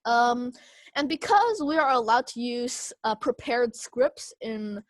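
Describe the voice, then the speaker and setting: A woman instructing a speech class over a video call, explaining slowly with many fillers and restarts. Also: on the high side, animated, dry recording.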